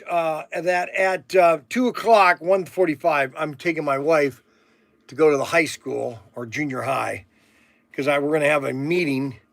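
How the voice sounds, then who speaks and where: A middle-aged man with a high-pitched voice rambles through a casual livestream chat. He tells folksy stories with plenty of fillers and false starts. The sound is dry and close. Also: fairly bright tone, no room sound. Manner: folksy storytelling with many fillers and restarts. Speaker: livestream host. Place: warehouse.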